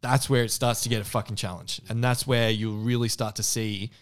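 A man with a lowish voice talks through life advice on a casual podcast. He is earnest and direct, with easy swearing. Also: fairly even intonation, fairly quick. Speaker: podcast co-host. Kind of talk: casual chat.

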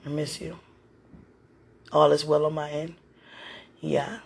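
She has a deep, gravelly, husky voice that's a little mellow, barely moves in pitch, and goes slowly. This mother hosts a podcast from home, speaking intimately and one-sidedly to a listener with affection, laughing often and calling out to God again and again.

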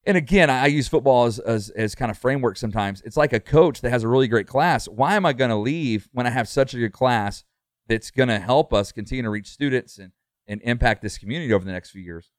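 A man's voice: medium pitch, quick pace, no room sound, studio quality. A middle-aged man, a pastor, talking earnestly in a casual podcast conversation, full of fillers and restarts.

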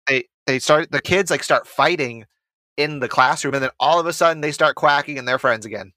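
A man's voice: on the high side, brisk, sharp tone, no echo. A young man chatting casually as a podcast co-host, joking and swearing as he quotes movie lines. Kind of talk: casual chat.

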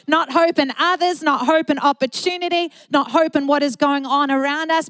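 A woman's voice: sits high, a bit bright, no room sound, rough recording. A middle-aged woman pastor, preaching a sermon in an earnest, emphatic way with repeated phrases.

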